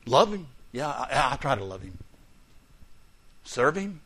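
A male pastor preaching a sermon, moving between loud declarations and quiet, hushed asides. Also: mid-range voice, very animated, unhurried, breathy edge.

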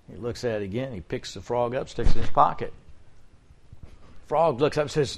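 A man's voice: mid-range voice, a little fast, long pauses. A man in his seventies preaching a sermon, folksy and storytelling, with joking asides to the congregation. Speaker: pastor.

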